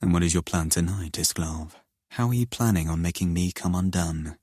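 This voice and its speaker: A man voicing a dominant, possessive husband in an audiobook, speaking in a low, hushed, commanding way. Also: moderate pace, husky, no room sound, studio quality.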